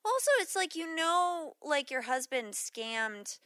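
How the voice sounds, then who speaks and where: A woman co-hosting a podcast in casual movie chat, chatty and quick with asides and laughs. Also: high voice, lively intonation, pushed and bright, dry recording, studio quality. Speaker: podcast co-host.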